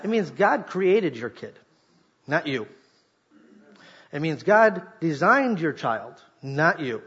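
A man preaching a sermon, animated and jokey, talking directly to a congregation and leading them in call-and-response. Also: fairly high pitch, takes it slowly, husky, dull audio. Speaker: pastor.

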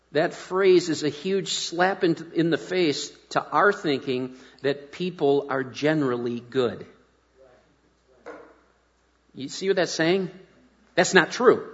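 A middle-aged man preaching a sermon in a folksy, self-deprecating, conversational way, often restarting his sentences. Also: high voice. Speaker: pastor. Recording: muffled sound with long hall reverb.

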